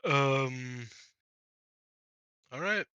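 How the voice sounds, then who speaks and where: A man playing a tabletop game, calling his rolls slowly with many ums. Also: medium pitch, expressive, bright, forceful tone, highs cut off, a little hiss or hum. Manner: slow, drawn out with ums. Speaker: player. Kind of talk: casual play at a tabletop game.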